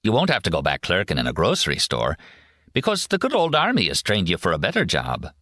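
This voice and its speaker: A man's voice: sits low, huge pitch swings, fairly quick, sharp tone, no room sound, clean studio sound, exaggerated voice. A man voicing a sardonic young male soldier who mockingly describes a hero's homecoming. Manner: sarcastic, mock-cheerful storytelling.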